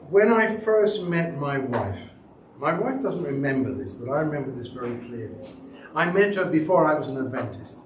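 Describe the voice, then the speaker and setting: A man's voice: animated, normal speed. Male church elder, storytelling sermon, roomy hall sound, faint background hiss. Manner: storytelling, acts out quoted people with big pitch jumps. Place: church sanctuary. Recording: echoey church hall, mic at a distance.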